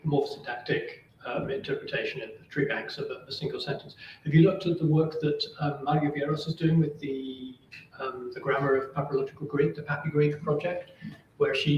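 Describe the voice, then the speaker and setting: A man chairing an academic seminar and asking questions, halting, with many fillers and repeated words, over a video call. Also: mid-range voice, darkish tone. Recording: distant, roomy, dull and lo-fi, faint noise.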